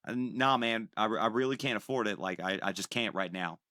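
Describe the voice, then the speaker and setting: A young man with a bright, forward voice spins a rambling, profane story for his podcast co-hosts. He slips into the voices of the people he is quoting as he goes. The sound is close and dry. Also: on the low side, brisk, no room sound. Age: young adult. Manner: animated, profane, acts out quoted voices. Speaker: podcast co-host. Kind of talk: casual storytelling.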